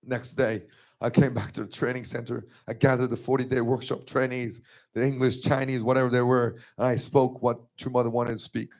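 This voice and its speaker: A man's voice: little pitch movement, fairly quick, darkish tone. Emotional man giving a church testimony. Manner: emotional, rising to high strained pitch when moved. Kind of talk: personal testimony sermon.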